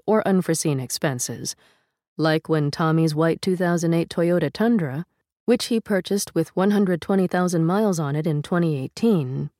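A woman reads a feature story aloud in a calm, measured way. Her voice sits low, and the recording is dry and close, with no room sound. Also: no echo. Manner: measured, steady reading with a first-person reporter voice. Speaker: narrator of an audio article. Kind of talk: scripted narration.

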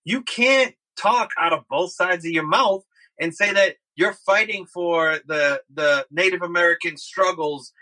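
A man co-hosting a sports podcast in casual chat, talking in a measured, slightly hesitant way. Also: high-pitched, sharp tone, poor audio. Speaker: podcast co-host.

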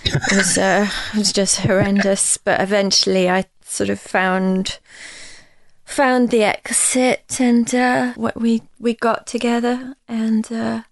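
A woman, a musician guest in a casual interview, telling her story in a rambling, halting way with many restarts. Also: fairly high pitch, little pitch movement, gravelly, dry recording.

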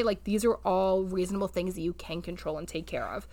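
A woman's voice: lowish voice, steady tone, a little fast, hardly any pauses, no room sound. A woman co-hosting a podcast as a therapist, speaking frankly and casually and giving practical tips through personal examples. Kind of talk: casual advice chat.

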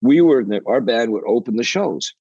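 An older man from Canada, a rock drummer, telling rambling, animated, profane stories in an interview. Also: medium pitch, normal speed, husky, no echo, highs cut off. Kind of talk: storytelling interview.

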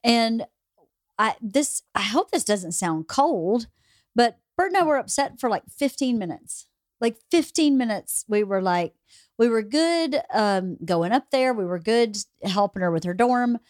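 A woman in her forties, a podcast guest who chats casually and tells her own story in a candid, measured way. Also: a little high, expressive, no room sound, studio quality. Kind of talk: casual chat.

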